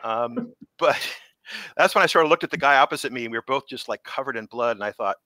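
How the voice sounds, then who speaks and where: A middle-aged man, a special effects veteran, telling lively anecdotes in a casual interview and laughing often. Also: mid-range voice, fairly quick, no echo. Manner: animated anecdotes, laughs often, acts out quotes. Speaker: special effects artist guest.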